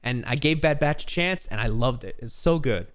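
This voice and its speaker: A young man co-hosting a casual podcast, laughing often and dropping low and soft. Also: lively intonation, normal speed. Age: young adult. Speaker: podcast co-host. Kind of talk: casual chat.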